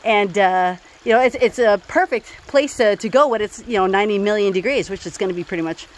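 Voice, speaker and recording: A woman's voice: mid-range voice, fast, a little hiss or hum. A woman hosting a casual hiking vlog outdoors on a creek trail, chatty and upbeat with lots of fillers. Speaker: vlog host.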